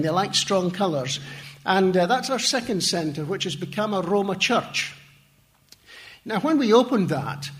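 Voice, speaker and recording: A man's voice: sits high, fairly bright tone. A man giving an earnest testimony talk as a missionary, telling stories with many hesitations and wry asides. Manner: earnest storytelling with hesitations and self-deprecating asides. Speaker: missionary speaker.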